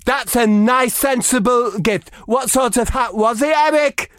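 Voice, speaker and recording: A man's voice: very high voice, measured pace, a bit bright, smooth, no echo, pitched above the performer's own voice. A man voicing a fussy, preachy male football manager who lectures his players. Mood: lecturing. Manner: pompous, lecturing.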